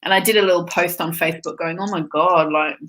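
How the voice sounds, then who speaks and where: A middle-aged woman guest shares her story in a candid, expressive interview, dropping the odd swear word as she goes. Her voice sits a little low but comes across bright and forceful. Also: fast talker. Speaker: spiritual teacher and guest.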